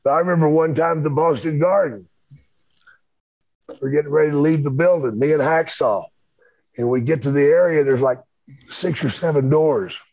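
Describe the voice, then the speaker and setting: Older man, husky and dry, profane storyteller co-hosting, casual and rambling. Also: on the high side, moderate pace, long pauses, a little mellow, no echo, low-quality recording. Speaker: co-host, former wrestler.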